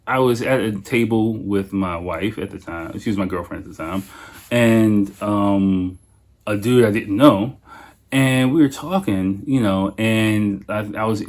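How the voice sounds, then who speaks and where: Low-voiced male podcast host in his thirties, casual, animated and profane storyteller. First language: English. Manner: animated storyteller, swears freely, laughs often. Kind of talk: casual solo podcast chat.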